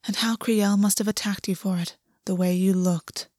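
Woman doing a soft-spoken male water horse lover, careful, measured, sincere, storybook, dry close sound. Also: medium pitch, steady tone, dry recording, close to an everyday voice. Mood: tender.

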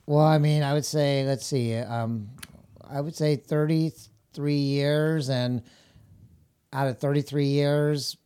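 A man's voice: a little high, fairly even intonation, takes it slowly, dark tone, smooth. A middle-aged man chatting casually as a guest, telling rambling stories with laughs and acted-out quoted voices. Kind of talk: casual storytelling chat.

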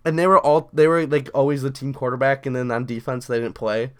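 A man's voice: medium pitch, fairly quick, smooth. Swearing young man telling a story. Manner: animated, swears constantly, says "dude" a lot. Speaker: podcast co-host. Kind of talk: casual storytelling chat.

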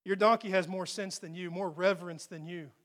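A man preaching a sermon, retelling a Bible story in an animated, joking storyteller's way. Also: high voice, fairly quick. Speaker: pastor.

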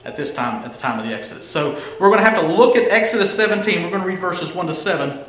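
A man preaching a sermon as pastor, reading scripture aloud and explaining it in an animated, conversational way with asides to the congregation. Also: high voice, fast. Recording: echoey hall with faint noise.

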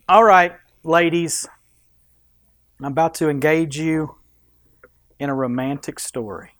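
A man's voice: fairly high pitch, takes it slowly, long pauses, fairly bright tone, no echo, clean studio sound. A man preaching a sermon in a conversational, joking manner to his congregation. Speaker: pastor.

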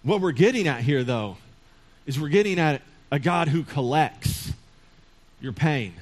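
A man's voice: a little high, expressive, a little slow. A man preaching a sermon in a humorous, conversational storytelling way, often chuckling. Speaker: pastor.

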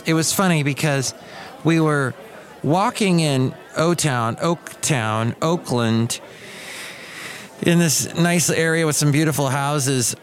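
A man's voice: fairly high pitch, slow. A middle-aged man hosting a casual solo podcast, rambling and interrupting himself as he tells stories. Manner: rambling, self-interrupting storyteller. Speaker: podcast host and radio DJ.

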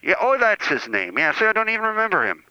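A man's voice: sits high, wildly swooping pitch, quick pace, pushed and bright, smooth, no room sound, full character voice. A man voicing a self-important, rambling priest calling in to the show. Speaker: caller. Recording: dull phone-line call.

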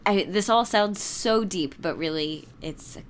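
A young adult woman co-hosting a casual chat, talking fast with frequent laughs as she leads the discussion. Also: mid-range voice. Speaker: podcast co-host.

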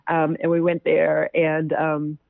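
Gravelly woman on a tinny line. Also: low-pitched, monotone, takes it slowly, no room sound. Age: 30s. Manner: chatty storyteller, laughs often. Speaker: guest. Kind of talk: casual interview chat. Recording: tinny phone-like dry line.

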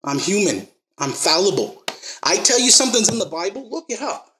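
A man's voice: high-pitched, very animated, a little fast, pushed and bright, reverberant, slight background noise, poor audio. A man preaching a sermon, telling stories and acting out the quotes, then pressing the listeners with emphatic rising questions.

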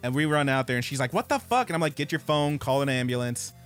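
A man's voice: mid-range voice, fairly even intonation, fast talker, fairly bright tone, clean tone, faint music behind. A man co-hosting a podcast, telling a long story in a casual, profane way and acting out other people's lines. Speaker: podcast co-host.

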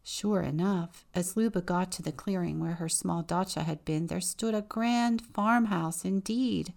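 A woman deacon reading a children's picture book aloud in a measured, expressive way. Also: fairly low pitch, vocal fry.

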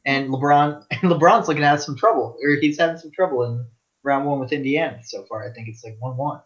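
A young man co-hosting a podcast, talking sports bluntly and quick to disagree, with stammered restarts. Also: medium pitch. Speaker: podcast co-host. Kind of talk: casual sports chat. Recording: dull lo-fi audio.

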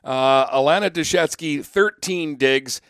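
A man co-hosting a casual sports podcast, relaxed as he reads off game stats. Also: on the high side, measured pace, creaky, smooth, dry recording, studio quality. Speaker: podcast co-host.

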